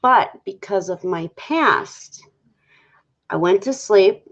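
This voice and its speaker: A woman's voice: mid-range voice, takes it slowly. A woman guest on a talk show, talking candidly about her relationship and acting out her own past conversations. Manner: candid, animated storytelling that acts out her own past quotes. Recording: dull lo-fi sound.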